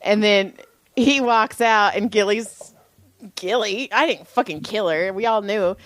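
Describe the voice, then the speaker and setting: A woman's voice: medium pitch, measured pace, a bit bright, dry recording. A woman co-hosting a podcast, chatting bluntly with profane, teasing banter. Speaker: podcast co-host. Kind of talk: casual chat.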